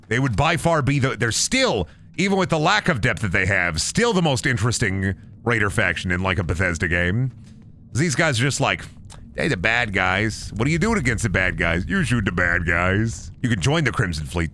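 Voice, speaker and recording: A man's voice: mid-range voice, a little hiss or hum. Profane, ranting man streamer. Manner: profane, rambling, animated ranting. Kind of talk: casual gameplay commentary.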